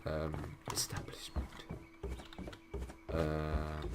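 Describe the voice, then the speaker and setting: A young gameplay commentator with a low, deep voice talks through a game in relaxed let's-play style, rambling, thinking aloud and filling pauses with frequent ums. His home mic picks up a steady hiss behind him.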